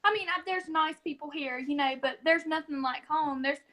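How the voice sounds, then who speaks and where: High-voiced young Southern woman. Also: moderate pace. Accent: Southern American. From Southern United States. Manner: giggly, warm storytelling with frequent laughs. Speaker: podcast guest. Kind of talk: casual chat.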